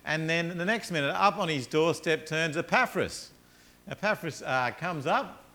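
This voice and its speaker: A man preaching a sermon as a pastor, telling Bible stories in an animated way and acting out the characters. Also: a little high, a little slow. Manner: animated storytelling, acts out characters.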